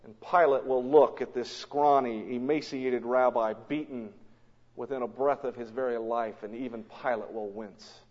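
A man preaching a sermon in a dramatic storytelling manner, swinging between loud and hushed, recorded in a church or large hall. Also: mid-range voice, fairly even intonation, normal speed. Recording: long hall reverb, dull lo-fi sound.

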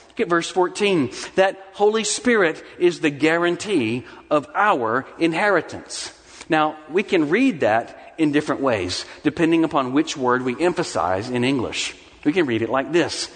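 A man preaching a sermon as pastor, expressive and building in intensity as he stresses his points. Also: a little high, measured pace, big-room sound.

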